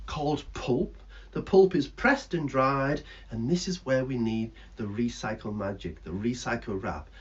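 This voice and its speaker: A man presenting a recycling show to schoolchildren, playful and teacherly, talking straight to the kids. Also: mid-range voice. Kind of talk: children's stage show patter. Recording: dull lo-fi recording.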